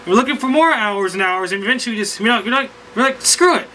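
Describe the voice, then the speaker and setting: Male vlogger, high and sharp-toned, animated rambling storyteller. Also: very fast, a little hiss or hum, rough recording. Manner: rambling, animated, lots of fillers. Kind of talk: casual storytelling recap.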